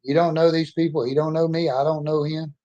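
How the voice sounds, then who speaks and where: A man's voice: fairly high pitch, little pitch movement, a little fast, warm tone, muffled recording. A man in his sixties telling his life story in a folksy, rambling, plainspoken way. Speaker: storyteller introducing himself. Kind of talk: casual personal storytelling.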